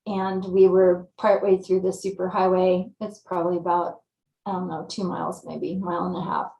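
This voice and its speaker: A woman from California, a guest telling her story in a lively, casual way and acting out her own thoughts. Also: lowish voice, normal speed, gravelly, roomy sound, highs cut off. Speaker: interview guest.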